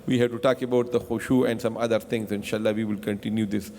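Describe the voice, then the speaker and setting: A man's voice: lowish voice, level tone, fast talker, dark tone, long reverb tail, a little hiss or hum. A man teaching a mosque tafseer lesson in non-native English with Arabic terms, who asks the class questions and answers them himself and often repeats himself. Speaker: Quran teacher.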